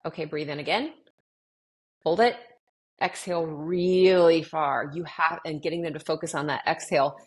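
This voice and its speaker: A woman's voice: deep voice, a little fast. A middle-aged woman talking casually in an interview, animatedly acting out conversations with clients and often restarting her sentences. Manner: animated, acts out quoted dialogue with clients. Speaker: guest sharing her experience with anxiety.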